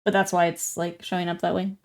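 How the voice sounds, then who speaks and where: A woman's voice: lowish voice, level tone, fast talker. A woman in her twenties chats easily with her livestream viewers as she works on a hobby build. She laughs often and breaks off to greet newcomers. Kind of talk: casual chat with viewers while hobby painting.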